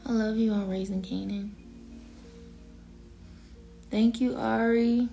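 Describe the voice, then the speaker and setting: A woman's voice: a little high, steady tone, slow, vocal fry, mellow, faint music behind. A woman in her thirties on a casual, emotional livestream, choked up and holding back tears as she thanks viewers by name. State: teary, choked up. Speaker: singer addressing livestream viewers.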